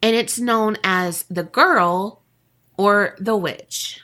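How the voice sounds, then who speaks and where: A woman's voice: medium pitch, extremely slow, bright, forceful tone. A woman co-hosting a podcast, telling a story in a casual, profane way and laughing often. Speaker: podcast co-host.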